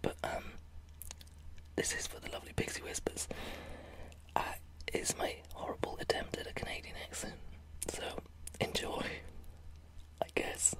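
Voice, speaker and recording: A British woman chatting in a soft whisper for her ASMR vlog, friendly and apologetic. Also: low-pitched, normal speed, pauses often. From Britain. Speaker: ASMR channel host.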